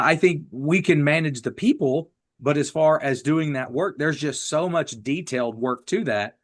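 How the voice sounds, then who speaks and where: A man co-hosting a podcast, chiming in with short, joking remarks. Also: fairly high pitch. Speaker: podcast co-host. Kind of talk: casual podcast chat.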